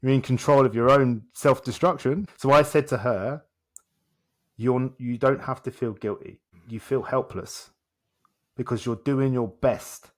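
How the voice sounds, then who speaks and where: Here the male coach has a mid-range voice, steady in tone and measured in pace. As a guest in a podcast interview, he tells lively stories in a conversational way, acting out dialogue in short, repeated phrases.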